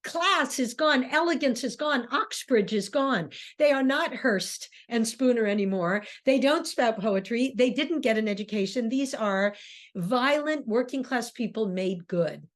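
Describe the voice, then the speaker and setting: A woman's voice: on the high side, expressive, a little slow. A woman lecturer and theater director giving a class on plays, talking with frequent ums and restarts. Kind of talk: lecture on drama, reading play excerpts aloud.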